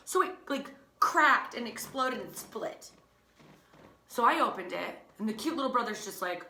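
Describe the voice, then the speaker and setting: A young woman teacher tells a story in an animated, chatty way and pokes fun at herself. Her voice is bright and forward. The room around her sounds echoey. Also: a little high, a little slow. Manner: animated, chatty, self-mocking. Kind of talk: casual storytelling.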